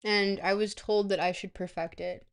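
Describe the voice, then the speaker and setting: A woman streamer chatting casually to her viewers, rambling between bites and filling pauses with ums. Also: mid-range voice, steady tone, clean tone.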